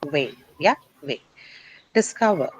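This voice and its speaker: A woman's voice: deep voice, expressive, slow, breathy edge, highs cut off. A woman teaching English word stress to a class. She explains step by step, often says "uh", and asks her students questions.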